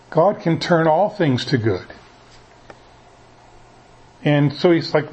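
A man giving a conversational sermon, talking in a folksy, halting way with frequent restarts. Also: on the high side, a little mellow, poor audio. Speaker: preacher.

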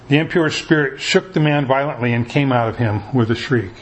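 A man's voice: mid-range voice, a little fast, a little hiss or hum. A man preaching a sermon as pastor, talking in a conversational way and often repeating words as he restarts.

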